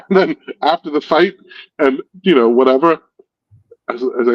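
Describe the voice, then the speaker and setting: Brisk but pausing often, a man's mid-range, slightly rough voice carries a casual stream chat. As host, he tells long, rambling stories, corrects himself and laughs at his own jokes. No echo is present, but the recording is dull and lo-fi.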